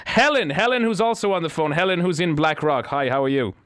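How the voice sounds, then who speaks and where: Joking radio host, fairly high voice. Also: male voice, expressive, brisk, a bit bright, smooth, no echo. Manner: playful, mock-boastful, lots of fillers. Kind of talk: jokey radio banter. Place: radio studio.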